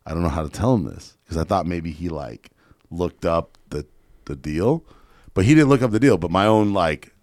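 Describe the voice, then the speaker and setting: A man telling a story in a casual podcast chat, animated and swearing freely. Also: sits low, dry recording, studio quality. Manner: fast, profane, animated storyteller. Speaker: podcast guest, real estate investor.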